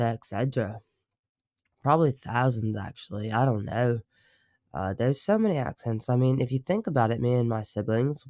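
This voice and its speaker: A man's voice: mid-range voice, dark tone, no echo, studio quality. A young man from Baltimore chatting casually on a livestream, rambling and swearing with lots of fillers. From Baltimore, United States.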